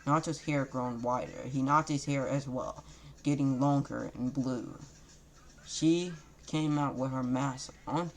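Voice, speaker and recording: A man narrates a fan story off the cuff, stumbling over loose grammar and correcting himself mid-sentence. His voice sits in an ordinary middle pitch. A faint hiss runs under the recording. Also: measured pace. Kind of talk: improvised casual story narration.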